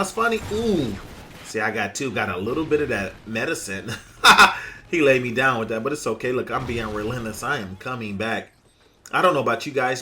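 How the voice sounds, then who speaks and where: A man's voice: mid-range voice, bright, forceful tone, a little hiss or hum. A man hosting a gaming channel, chatting upbeat and direct to viewers while he plays. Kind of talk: gameplay commentary with advice.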